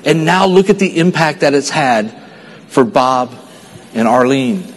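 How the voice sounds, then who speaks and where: A man from Texas giving an earnest motivational stage speech at a sales convention, telling a story and dropping his voice quiet for the sad parts. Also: medium pitch, animated, measured pace. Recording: long hall reverb.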